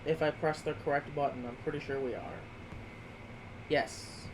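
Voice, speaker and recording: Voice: medium pitch, steady tone, normal speed, background noise. Blunt, sarcastic live-stream co-host. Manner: blunt, sarcastic, casual swearing. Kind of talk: casual live-stream chat.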